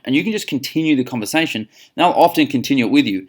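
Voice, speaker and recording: A man's voice: mid-range voice, expressive, racing, hardly any pauses. Upbeat Australian man coaching sales calls. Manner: upbeat, coaching, acts out both sides of calls. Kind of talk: instructional talk on phone sales.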